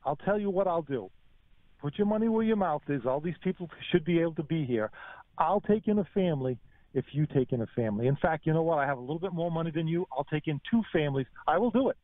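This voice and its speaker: Guy calling into talk radio, talks real fast, tinny phone line, excited telling his story. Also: fairly high pitch, dry recording. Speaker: caller. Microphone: telephone.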